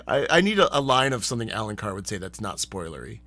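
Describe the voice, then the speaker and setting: A man hosting a live stream, chatting casually in a rambling, animated way and laughing often. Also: on the low side, a little fast, dry recording. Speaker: streamer and host.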